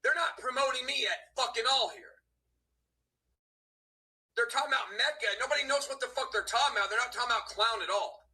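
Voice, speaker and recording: Male stream host, high and piercingly bright voice, aggrieved profane rant. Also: a little fast, long pauses, poor audio. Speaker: livestream host. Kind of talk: heated casual livestream rant.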